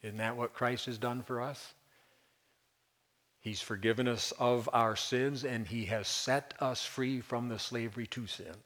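A male pastor preaches an expository sermon in a relaxed, conversational way, leaning hard on key words. His voice sits at an ordinary pitch for a man. It rings out with the long reverb of a big hall. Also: measured pace. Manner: conversational, emphatic, with brief chuckles.

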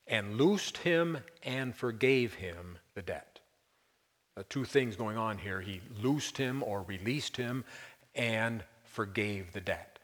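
A male pastor preaches an expository sermon in a relaxed, conversational way, leaning hard on key words. His voice sits at an ordinary pitch for a man. It rings out with the long reverb of a big hall. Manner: conversational, emphatic, with brief chuckles.

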